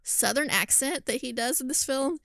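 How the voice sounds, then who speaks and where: A woman co-hosting a podcast, chatting casually about a film, animated, laughing often and swearing freely. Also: high-pitched, normal speed, gravelly, no room sound. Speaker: podcast co-host. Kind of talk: casual film review chat.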